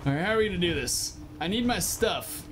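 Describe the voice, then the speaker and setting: A young man giving casual, excitable gameplay commentary, swearing often and yelling at his creatures during fights. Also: high-pitched, a little fast, noisy background. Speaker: gameplay streamer.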